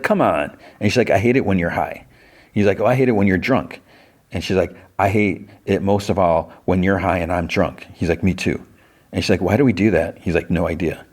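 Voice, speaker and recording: A man hosting a podcast, casually retelling a TV episode scene by scene and quoting the characters in a raised voice. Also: a little mellow. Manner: retells scenes with quick quoted lines, pitching up for characters. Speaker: podcast host.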